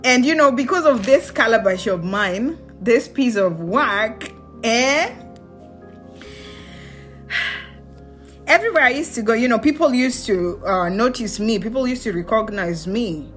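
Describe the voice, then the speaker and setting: A young Kenyan woman telling a personal story in a casual vlog. She is animated, slips into Swahili slang and laughs often. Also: on the high side, a little slow, long pauses, faint music behind. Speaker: vlogger.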